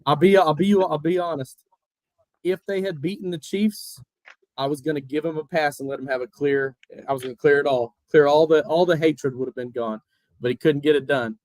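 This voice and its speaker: A man's voice: on the high side, fairly even intonation, a little fast, darkish tone, no echo, low-quality recording. A man on a sports podcast panel, emphatic, who often stammers at the start of a sentence. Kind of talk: casual sports chat.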